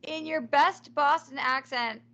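A woman's voice: high voice, unhurried, bright, forceful tone, muffled recording. A woman hosting a casual comedy chat, steering the segments. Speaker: host.

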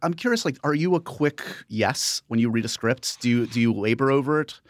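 A man's voice: medium pitch, brisk, dry recording. An American man hosting an interview, asking curious, chatty questions and laughing easily. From United States. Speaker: interview host. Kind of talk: casual interview chat.

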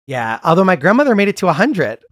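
A comedian guesting on a podcast tells family stories in a casual, animated way, tossing in wry asides and quick laughs. His voice sits high, and the studio-quality recording has no room sound.

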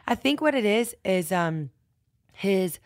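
A woman's voice: medium pitch, no echo, studio quality. Earnest New woman podcast guest. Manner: earnest, animated, talks in rushes with fillers. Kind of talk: casual podcast conversation.

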